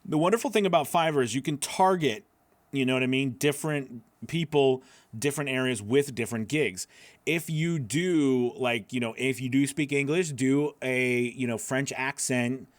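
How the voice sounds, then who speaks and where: Male coach answering viewer questions on a live stream, relaxed and filler-heavy, medium voice, dry recording. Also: mid-range voice, moderate pace, dry recording. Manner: loose and chatty, many fillers, laughs at himself.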